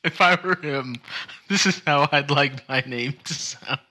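A man co-hosting a casual podcast, joking and teasing his partner and reading news headlines aloud at a slow, deliberate pace. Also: a little high, sharp tone. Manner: joking and teasing, reads articles slowly and deliberately. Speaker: podcast co-host.

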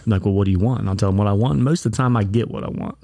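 A blunt, crude man spins a rambling story in a casual podcast chat. His voice sits on the low side and sounds dry and close, with little room around it. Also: very fast, creaky, mellow, dry recording. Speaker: podcast co-host. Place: bar.

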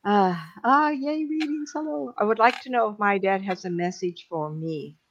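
A middle-aged woman, a psychic medium, giving readings on a live stream in an emotional, chatty way with many fillers and pauses. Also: mid-range voice, a little hiss or hum. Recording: dull lo-fi stream audio.

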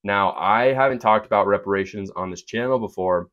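Low-voiced podcast guy ranting earnestly, kinda dull lo-fi sound. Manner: earnest, opinionated, quick asides with fillers. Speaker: podcast host. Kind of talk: opinion monologue with sponsor read.

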